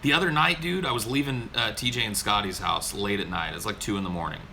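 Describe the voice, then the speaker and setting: A man's voice: fairly low pitch, fast talker, creaky, sharp tone, slight background noise. A man co-hosting a podcast, telling a story in a casual, exasperated way, swearing often. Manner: profane, exasperated. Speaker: podcast co-host.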